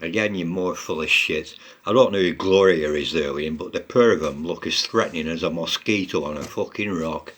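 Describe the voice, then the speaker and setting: A man's voice: deep voice, moderate pace, fairly bright tone. A man giving blunt, mocking commentary on online posts, swearing a lot as he goes.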